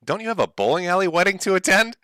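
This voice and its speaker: A man's voice: sits high, lively intonation, fast, sharp tone, clear, resonant tone, no room sound, pitched above the performer's own voice. A man putting on a mocking, whiny Southern drawl as a petulant grown man. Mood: snide. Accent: Southern US (put on).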